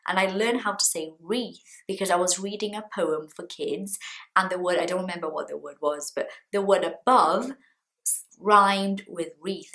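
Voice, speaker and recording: A woman's voice: on the low side, a bit bright, poor audio. A woman in her thirties, a native Portuguese speaker, teaching English pronunciation in a casual monologue, repeating and drawing out example words. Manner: demonstrates words slowly and repeats them.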